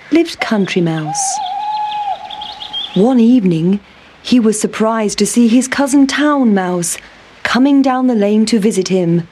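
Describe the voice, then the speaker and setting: A woman's voice: medium pitch, background noise. A woman narrating a children's storybook, reading aloud with expression.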